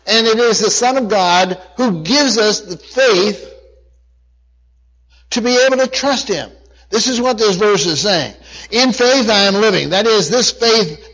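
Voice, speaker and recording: A man's voice: sits high, a bit bright. A man preaching a sermon, reading scripture aloud and repeating key phrases earnestly. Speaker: pastor. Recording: dull lo-fi recording.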